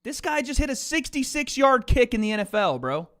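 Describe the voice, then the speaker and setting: A man's voice: extremely high pitch, very animated, fairly quick, bright, forceful tone. A man hosting a casual livestream, chatting loosely with his viewers through a desk mic and tossing in plenty of "bro" and "dude.". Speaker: livestream host. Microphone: desk mic with mixer.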